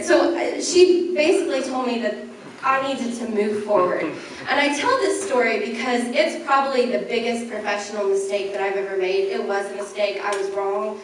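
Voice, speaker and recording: A woman's voice: medium pitch, moderate pace, slight background noise. A young woman giving a candid, self-deprecating personal talk on stage as a journalist, laughing lightly between phrases. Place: event hall before an audience. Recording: very echoey hall, mic from some distance.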